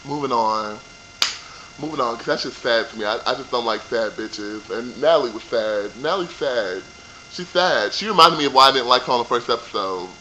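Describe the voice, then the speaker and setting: A man's voice: medium pitch, lively intonation, brisk, sharp tone, highs cut off, slight background noise. A young man ranting casually about a reality show reunion, sassy and profane. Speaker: vlogger reviewing a reality show. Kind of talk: casual rant.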